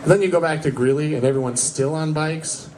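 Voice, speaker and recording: A young man doing stand-up comedy on a club stage, his voice sitting a touch high for a man. He tells his stories with energy and breaks into shouted character voices. The live recording is noisy, with the crowd laughing behind him. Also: a little fast. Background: audience laughter.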